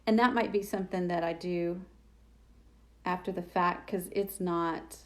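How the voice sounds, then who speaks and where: A DIY crafts host runs a live demo, chatting with viewers, poking fun at herself, and thinking aloud as she works. Her voice is fairly low and a little mellow.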